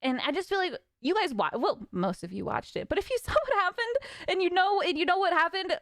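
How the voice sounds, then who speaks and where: A young woman streamer ranting casually, frustrated and swearing with nervous laughs, her voice a little raspy from talking. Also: very high voice, lively intonation, brisk, fairly bright tone, no echo, clean studio sound.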